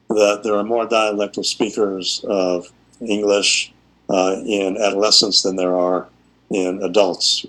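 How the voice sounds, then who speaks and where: A man giving a university lecture over a video call, speaking in a measured way with frequent fillers. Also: lowish voice, pushed and bright, low-quality recording. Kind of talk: online class lecture.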